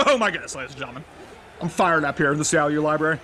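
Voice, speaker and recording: Young man, excitable game commentator, slightly high voice, noisy background. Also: rapid-fire. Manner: excitable, bursts into loud shouts on big plays. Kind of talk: casual play-by-play commentary of a video game. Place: library.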